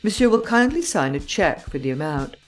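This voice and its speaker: A man reading an audiobook, voicing a calm, commanding gentleman adventurer who talks with a mocking edge. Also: a little high, a little fast, faint music behind.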